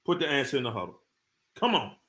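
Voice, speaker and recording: A man's voice: medium pitch, big pitch swings, quick pace, sharp tone. A man hosting a casual live stream, talking straight to his viewers in informal slang and repeating his points for emphasis. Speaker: live-stream host talking about narcissists.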